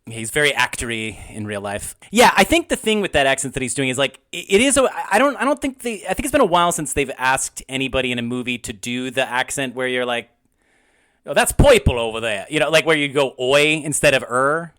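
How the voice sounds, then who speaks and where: A man's voice: mid-range voice, animated, quick pace, few pauses, pushed and bright. A man co-hosting a film podcast, talking in a jokey, casual way.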